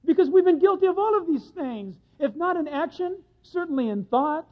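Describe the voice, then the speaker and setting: Folksy animated male preacher, lo-fi. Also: extremely high pitch, moderate pace. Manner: folksy, animated, acts out little voices. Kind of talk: sermon. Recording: dull lo-fi sound.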